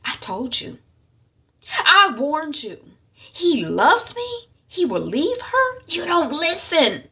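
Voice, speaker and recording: A woman's voice: medium pitch, normal speed, creaky, fairly bright tone, husky. A woman voicing a stern, exasperated young woman who lectures her sister indignantly. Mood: lecturing.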